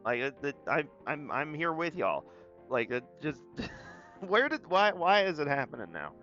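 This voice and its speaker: Bright-voiced young man with a Southern twang. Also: on the high side, big pitch swings, a little slow. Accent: Southern US, light. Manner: rambling, self-deprecating, folksy. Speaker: art streamer. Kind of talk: casual chat while drawing. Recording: slightly dull sound, faint guitar music.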